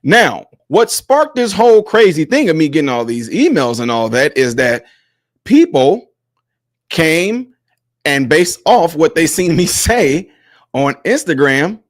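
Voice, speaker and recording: A man's voice: fairly high pitch, big pitch swings, unhurried, no room sound, clean studio sound. A man hosting a commentary vlog, combative and mocking, speaking straight to his viewers. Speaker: host.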